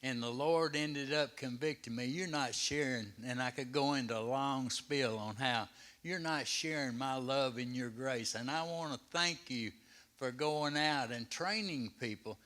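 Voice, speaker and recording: A man's voice: mid-range voice, a little slow, a bit bright. A man from the audience sharing a humble, heartfelt personal testimony in plain words. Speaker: audience member. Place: church sanctuary.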